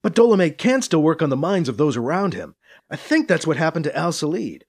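A man voicing Del, an analytical male scientist who speaks in a measured way. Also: fairly high pitch, sing-song, pitched above the performer's own voice. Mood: grave. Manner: measured, confirming.

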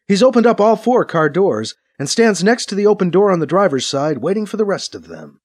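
A man narrating a science-fiction story with a dramatic, expressive reading. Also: sits high, fairly quick. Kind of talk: audiobook narration.

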